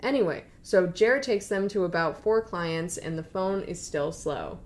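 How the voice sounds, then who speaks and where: A woman's voice: fairly low pitch, normal speed. Chatty young woman recapping a story. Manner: chatty, animated retelling with acted quotes.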